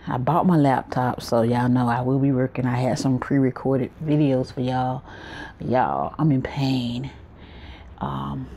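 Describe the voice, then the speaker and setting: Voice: medium pitch, warm tone, slight background noise. A vlogger, rambling casually straight to the viewers through a handheld phone camera. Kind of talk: casual vlog talk to viewers.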